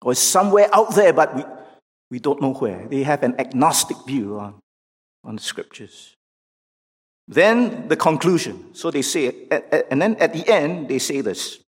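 Preacher guy talking real slow, voice swooping high and low, long echo like a big hall. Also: expressive. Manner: emphatic, rising to near shouts on questions, slow and deliberate. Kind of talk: sermon. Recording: long reverb of a large hall.

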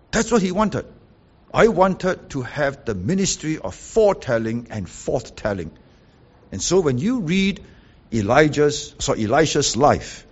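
Husky-voiced male Bible teacher preaching. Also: medium pitch, darkish tone, highs cut off. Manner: explanatory, checks in with "okay?" and "right?". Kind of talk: teaching sermon.

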